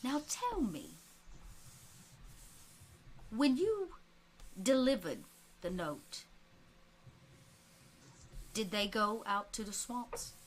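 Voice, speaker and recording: Woman doing a creepy southern preacher guy, rich drawl, smooth then stern. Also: sing-song, very slow, pauses often, a little hiss or hum, heavily acted. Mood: coaxing. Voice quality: rich, deep-toned drawl. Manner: coaxing, then stern and threatening. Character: sinister smooth-talking adult male preacher.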